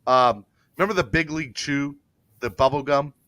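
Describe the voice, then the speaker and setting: A man's voice: fairly high pitch, moderate pace, bright, forceful tone, no room sound. A man hosting a casual sports podcast, joking and often stammering through restarts. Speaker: podcast host.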